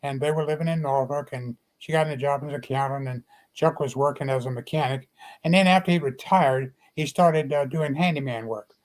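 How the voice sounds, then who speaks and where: A man's voice: medium pitch, fairly quick, poor audio. An older man telling a story in a homespun, folksy way and dropping in advice along the way. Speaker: guest storyteller.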